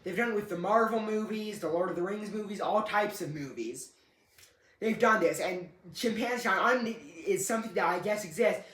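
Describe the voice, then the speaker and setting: A young man spins a casual story, doubling back and fixing his own words as he goes, with a dry streak of humor. His voice is bright and edged with tension. It rings in a room with a noticeable echo. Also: high-pitched, moderate pace. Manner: rambling, self-correcting, dry humor. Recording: echoey room.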